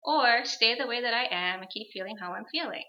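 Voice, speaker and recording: A woman's voice: a little high, fairly quick, highs cut off. A woman in her thirties, a guest on an interview show, telling a personal story in an earnest, reflective way and repeating phrases for emphasis.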